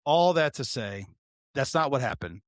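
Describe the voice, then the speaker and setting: A man co-hosting a podcast, telling a story in loose, animated chat. He swears often and trips over his own restarts as he goes. His voice sits at an ordinary mid pitch and sounds close and dry, with no room echo. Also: moderate pace. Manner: profane, animated, frequent restarts. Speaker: podcast co-host, retired deputy.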